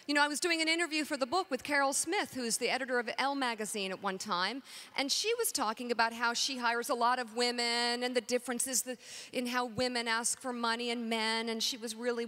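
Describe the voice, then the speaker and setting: A middle-aged woman speaks to a conference audience from the stage, frank and quick to poke fun at herself. Her voice sits high and bright. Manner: candid, self-deprecating, brisk. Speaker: talk show co-host and author.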